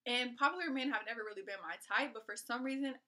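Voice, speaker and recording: A woman from California telling a personal story to her viewers in a chatty, animated way. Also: fairly high pitch, fast. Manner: animated, acts out what people said; chatty, addresses viewers directly. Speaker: storytime vlogger. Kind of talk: casual storytelling.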